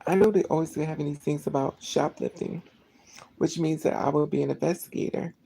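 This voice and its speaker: A vlogger delivers a loose, rambling storytelling monologue straight to the camera in a gravelly, fry-edged, mid-range voice with a dark, mellow tone. Speaking fairly quickly and animatedly, he keeps restarting sentences and slipping into acted-out dialogue. A little hiss or hum is audible.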